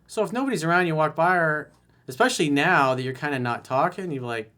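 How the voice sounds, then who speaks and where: A man's voice: a little high, expressive, quick pace, bright, forceful tone. A man coaching on dating, reading a viewer's email and replying bluntly and candidly with casual swearing.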